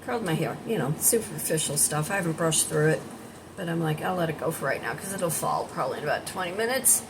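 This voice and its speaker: A woman's voice: low-pitched, expressive, fast, vocal fry, noisy background. A woman in her sixties chatting casually to her viewers at home in a rambling, direct way. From United States. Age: 60s. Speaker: vlogger and life coach. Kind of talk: casual morning chat to camera.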